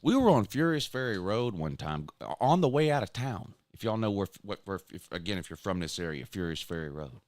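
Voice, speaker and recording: A man, hosting a casual chat and telling a story in a self-mocking way, sometimes loud and sometimes mumbling. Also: lowish voice, sing-song, fairly quick, hardly any pauses, no room sound, studio quality. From Georgia, US. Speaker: podcast host.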